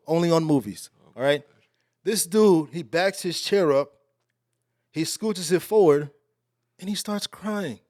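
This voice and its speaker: A man from Texas, a podcast guest, telling a story in a casual, slangy, animated way. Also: unhurried, long pauses, dry recording, studio quality. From Alief, Houston, Texas. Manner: animated, slangy, getting louder and higher as the story builds.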